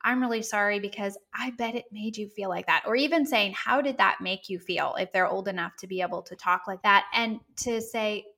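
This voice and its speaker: A woman's voice: medium pitch, fairly quick, gravelly, few pauses, pushed and bright. A woman in her thirties, an author talking earnestly and reflectively about parenting as a podcast guest. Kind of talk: podcast conversation.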